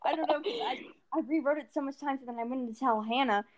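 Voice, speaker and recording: A woman's voice: high voice, quick pace. Giggly teenage girl rambling. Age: teens. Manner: giggly, rambling, stumbles over words. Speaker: podcast co-host. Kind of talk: casual chat.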